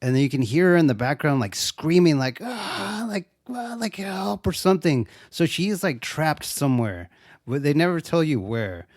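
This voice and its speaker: A man's voice: medium pitch, expressive, moderate pace, darkish tone, no room sound, studio quality. A young man co-hosting a podcast, casually recapping a horror movie, swearing a lot and acting out the characters' lines. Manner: laid-back, swears a lot, acts out quotes. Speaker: podcast co-host.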